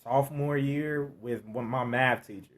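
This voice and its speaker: This man. He is a guest in an interview and speaks in an easy, casual way. His pitch sits in the middle of the range, and he often acts out the voices of people in his stories. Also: normal speed. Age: 20s. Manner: animated storyteller who acts out quoted voices.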